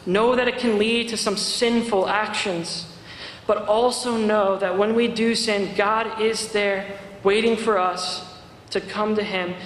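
A young man, a youth director, preaching a sermon in a church and telling a story in an earnest, gentle way. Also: high-pitched. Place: church sanctuary. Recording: echoey church hall, faint noise.

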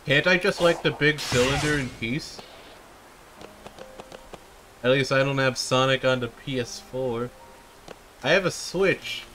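A man's voice: mid-range voice, measured pace, pauses often, pushed and bright, a little hiss or hum. A young man streaming a game, goofing around and bickering with himself in silly voices. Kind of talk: casual gaming stream commentary.

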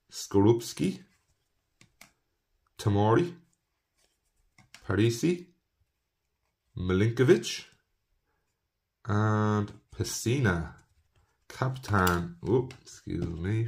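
Guy, young, low-ish voice, easygoing card-break host chatting to viewers and listing names. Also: vocal fry. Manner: chatty, talks to viewers as folks, rattles off player names. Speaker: trading card box breaker. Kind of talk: casual card-opening commentary.

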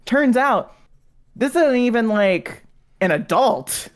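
A woman's voice: fairly high pitch, expressive, takes it slowly. Woman doing a gossipy hiring manager. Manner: casual gossiping storyteller, swearing. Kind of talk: improv comedy.

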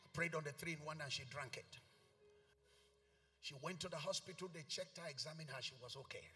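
A man's voice: on the high side, a little fast, slight background noise. A man with a Nigerian accent preaching a sermon as pastor, pleading and emphatic, repeating short commands again and again. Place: large church hall. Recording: reverberant church hall with keyboard. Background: soft keyboard music.

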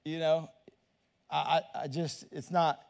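A man's voice: a little high, little pitch movement, takes it slowly, creaky. A middle-aged male pastor, preaching in a loose, conversational way that repeats words and asks the crowd questions. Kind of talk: preaching sermon.

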